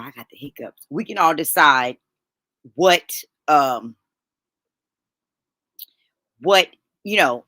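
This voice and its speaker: Middle-aged woman, live-stream host; bright, forward tone, dry close mic, folksy and chatty. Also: fairly low pitch, dry recording. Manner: chatty, calls viewers honey and baby; folksy slang, restarts and stumbles. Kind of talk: casual live stream chat.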